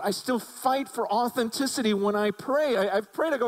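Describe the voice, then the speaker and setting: A man's voice: high voice, moderate pace, few pauses, poor audio. A middle-aged male pastor giving an earnest, confessional testimony that builds to emotional intensity. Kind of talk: personal testimony sermon.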